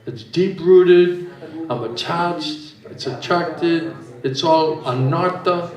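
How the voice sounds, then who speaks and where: Joking spiritual teacher in echoey hall. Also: male voice, fairly high pitch, slow pace. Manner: chatty, joking, conversational teaching. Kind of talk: informal religious talk with questions. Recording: echoey hall from far off, audience.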